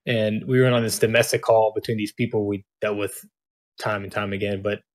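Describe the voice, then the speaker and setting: A man's voice: lowish voice, flat delivery, a little fast. Blunt laughing police officer man. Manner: laughing storyteller, blunt and profane. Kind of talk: casual podcast chat.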